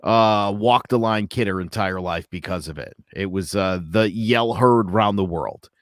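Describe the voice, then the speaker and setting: A man's voice: lowish voice, a little slow, no echo. A middle-aged man chatting casually on a podcast, telling a story in a wry, dry way. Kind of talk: casual chat.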